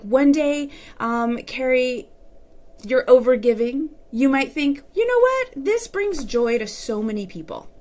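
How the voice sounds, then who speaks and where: Woman in her thirties, candid chatty coach, live phone stream, mid-range voice. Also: medium pitch. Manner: chatty and candid, addresses viewers directly. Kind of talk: casual live-stream talk to viewers.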